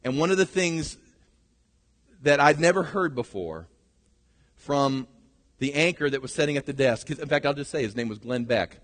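A middle-aged male pastor preaching a sermon, swinging from shouted lines to hushed ones. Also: medium pitch, animated, moderate pace, long pauses. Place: church sanctuary. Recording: long reverb of a large hall.

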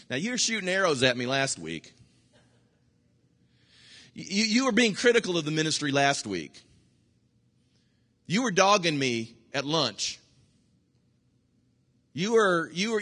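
A pastor preaching to his congregation, his voice sitting a touch high for a man. He jumps into loud, high bursts, then drops to near-whispered asides. The sound carries a long reverb from the church hall. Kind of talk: sermon.

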